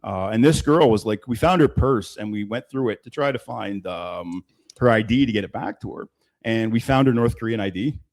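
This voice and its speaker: A man hosting a podcast, telling bar stories in a casual, animated way and sometimes swearing. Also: on the low side, normal speed, poor audio. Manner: animated, swearing, laughing storyteller. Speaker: podcast host. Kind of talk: casual storytelling chat. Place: Toronto.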